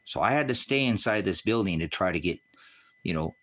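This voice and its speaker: Deep-voiced man, agitated and swearing. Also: animated, fairly quick, fairly bright tone. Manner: agitated, swears a lot, addresses viewers as brothers and sisters. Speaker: host commenting on footage. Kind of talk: emotional commentary to viewers.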